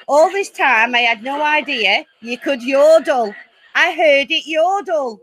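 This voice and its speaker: A woman hosting her own paranormal channel from home, chatty and easily excited, laughing often as she talks to her viewers. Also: sits high, unhurried, poor audio. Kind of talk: casual live chat. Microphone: laptop.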